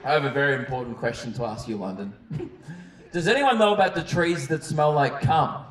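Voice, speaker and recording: A man's voice: medium pitch, brisk. A man doing stand-up comedy on a theatre stage, brash and cheeky, often laughing at his own jokes. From Australia. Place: large theatre stage before a live audience. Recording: roomy live hall with loud audience noise.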